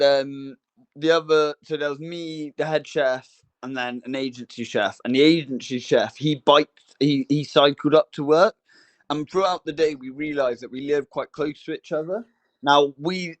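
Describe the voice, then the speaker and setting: A man's voice: on the high side, steady tone, normal speed. A young man, co-hosting a casual chat and telling a long rambling story full of fillers and restarts. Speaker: podcast co-host.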